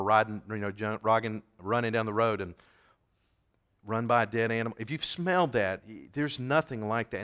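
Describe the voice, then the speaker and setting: A man preaching a sermon, reading scripture aloud and swinging between loud emphatic shouts and quiet asides. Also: on the low side. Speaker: pastor.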